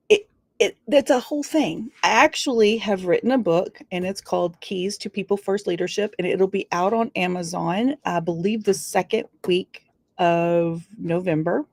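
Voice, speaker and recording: A woman speaks slowly and deliberately, giving an earnest motivational leadership talk. She leans hard on key words and stretches them out. Her mid-range voice sounds close and dry, with no room echo. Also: mid-range voice, darkish tone. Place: studio.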